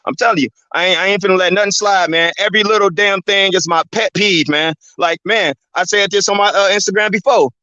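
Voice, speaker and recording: High, bright-voiced man ranting on a dull recording. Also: a little fast, few pauses, no echo. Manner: rambling, profane, peppered with "man" and "you know what I'm saying". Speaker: channel host. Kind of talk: casual ranting monologue.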